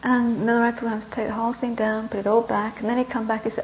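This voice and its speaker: A woman Buddhist teacher telling a story in a dharma talk, conversational, with restarts and sentences that trail off softly, on a dull lo-fi recording. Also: on the high side, little pitch movement, very fast, slight background noise.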